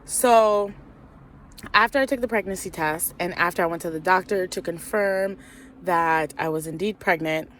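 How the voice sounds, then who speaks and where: Young woman, casual storytime vlog, lower-pitched, filler-heavy chatter, outdoors. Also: moderate pace, fairly bright tone, slight background noise. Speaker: vlogger.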